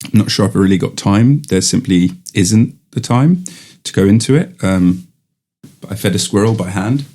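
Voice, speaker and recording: A man's voice: on the low side, expressive, normal speed, warm tone. A man, improvising a rambling, silly comic monologue as a podcast host. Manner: rambling, silly, switches into funny voices.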